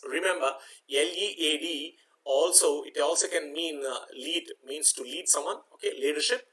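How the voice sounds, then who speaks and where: A man's voice: fairly high pitch, pushed and bright, low-quality recording. A man teaching a vocabulary lesson, spelling words out letter by letter and repeating each point with "okay". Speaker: English teacher. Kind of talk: exam-prep vocabulary lesson.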